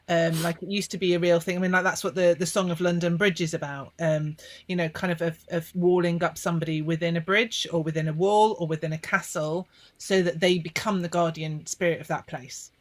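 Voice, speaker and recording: A woman's voice: lowish voice, a bit bright. A woman hosting a casual conversation about ghosts, chatty, laughing and teasing. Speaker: host.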